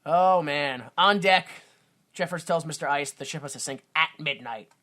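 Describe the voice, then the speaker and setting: On a comedy podcast, a co-host breezily recaps a film, playing the characters in fast, silly voices and laughing often. His voice sits on the high side, bright and forceful.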